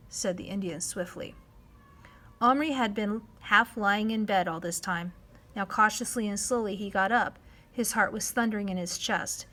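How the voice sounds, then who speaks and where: A woman narrating a children's novel in a measured storytelling voice, dropping to a hush at times. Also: mid-range voice. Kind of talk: reading a children's novel aloud.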